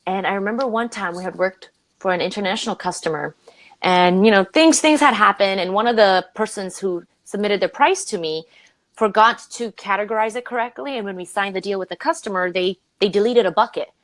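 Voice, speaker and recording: Woman, Romanian-born leadership coach, animated guest storyteller. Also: a little fast, no echo, low-quality recording. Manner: animated, acts out quoted voices with big pitch jumps. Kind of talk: conversational interview storytelling.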